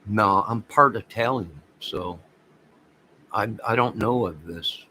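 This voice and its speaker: A man hosting a casual livestream, rambling excitedly and talking to viewers by name. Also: on the low side, slow pace, a little hiss or hum, poor audio. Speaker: livestream host reading chat.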